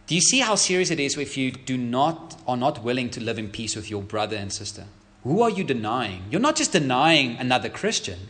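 A man's voice: medium pitch, a bit bright. A man preaching a sermon as a pastor, emphatic, asking the congregation rhetorical questions.

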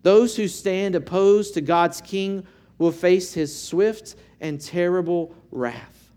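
Guy preaching slow and earnest, kinda high voice, lots of questions to the crowd. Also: dark tone. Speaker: pastor. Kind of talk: sermon.

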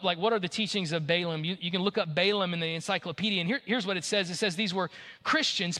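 A man preaching a sermon as pastor, animated and acting out the people he quotes. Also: high-pitched, in a large hall.

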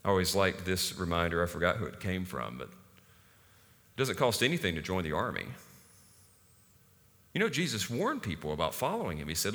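Lively casual preacher man in a reverberant hall. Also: low-pitched, normal speed, long pauses. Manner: casual, conversational preaching with many fillers. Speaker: pastor. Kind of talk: sermon. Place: church hall.

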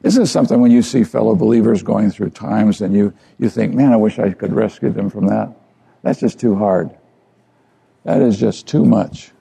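An older man, a pastor delivering an earnest, conversational sermon with a gravelly voice and repeated phrases. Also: fairly low pitch, moderate pace, warm tone.

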